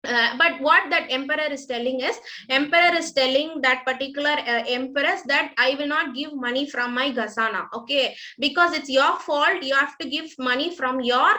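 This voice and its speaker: Woman teacher, high bright voice, explains a story step by step. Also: normal speed. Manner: retells a story line by line, explaining each part simply with many fillers.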